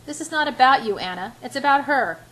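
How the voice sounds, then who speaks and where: A man's voice: very high voice, expressive, a little fast, pushed and bright, voice pushed up, full character voice, low-quality recording. A woman reading the part of an intense, controlling young male lover in her own voice, with occasional slips. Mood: desperate. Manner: read plainly with slight emphasis, occasional slips.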